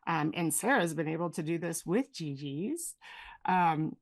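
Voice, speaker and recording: A woman's voice: low voice, lively intonation, measured pace. A woman speech therapist, a guest on a podcast, explaining her methods in an earnest, explanatory way. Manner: explanatory, earnest, playfully demonstrative. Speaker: speech-language pathologist, guest. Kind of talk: casual conversational interview.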